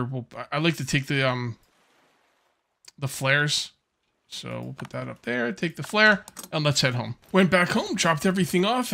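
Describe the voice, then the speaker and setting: A man's voice: a little high, vocal fry, bright, forceful tone. Easygoing man narrating his gameplay. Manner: rambling, easygoing, lots of fillers and restarts. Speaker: gameplay commentator. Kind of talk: casual let's-play commentary.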